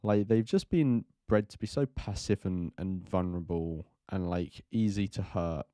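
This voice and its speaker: A man's voice: sits low, measured pace, warm tone, no room sound, clean studio sound. A man hosting a live stream, reacting to a film in rambling casual commentary full of fillers.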